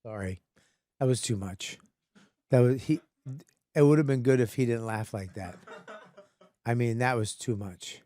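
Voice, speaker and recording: A man's voice: mid-range voice, measured pace, long pauses, mellow. A man teasing another person playfully during a casual comedy chat.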